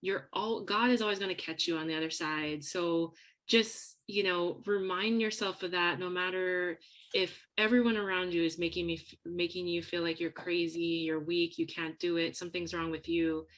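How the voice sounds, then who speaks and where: A woman's voice: fairly low pitch, fairly even intonation, moderate pace, fairly bright tone. A woman guest on a podcast interview, speaking earnestly and encouragingly in a casual chat.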